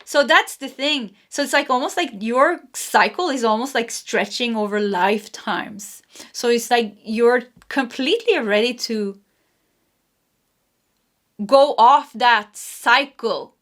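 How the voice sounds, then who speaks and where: A woman's voice: a little high, slow pace. Chatty woman doing a tarot reading. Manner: warm, chatty, laughs often, many fillers. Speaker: tarot reader. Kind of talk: casual spoken tarot reading.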